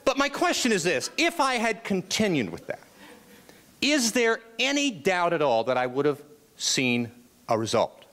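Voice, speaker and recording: Lively, animated man telling funny stories. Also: high-pitched, moderate pace. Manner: animated comic storyteller. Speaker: motivational speaker. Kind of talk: humorous keynote storytelling.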